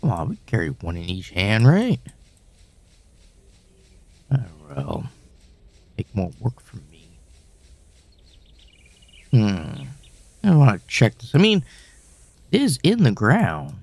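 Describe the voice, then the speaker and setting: A man's voice: medium pitch, wildly swooping pitch, takes it slowly, creaky, long pauses, darkish tone, dry recording. A young man giving wry, suspicious commentary while playing a horror game, swearing now and then. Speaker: gaming channel host.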